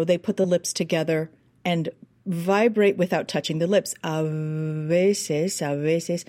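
A woman's voice: on the low side, darkish tone, no room sound. An American woman who works as an accent and dialect coach, explaining at length in an interview and demonstrating speech sounds as she goes. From United States.

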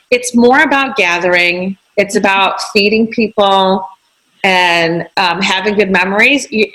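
A woman's voice: mid-range voice, sharp tone, rough recording. A woman chef as a podcast guest, giving practical cooking advice in an easygoing, step-by-step way.

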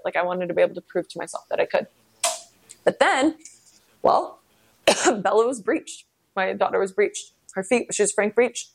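Gravelly-voiced young woman, candid rambling talk. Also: mid-range voice. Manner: candid, rambling, frequent "like" fillers and swearing. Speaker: podcast host. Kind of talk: casual personal monologue.

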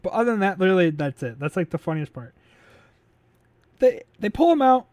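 A man with a slightly higher voice retells a film's plot in a loose, rambling way, full of "like" and "um", now and then swearing and chuckling. The sound is dry and close, with no room around it. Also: big pitch swings, a little fast, a little mellow, no echo. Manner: rambling, filler-heavy retelling with frequent laughs; swears casually. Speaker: podcast host recapping a movie. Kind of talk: casual chat.

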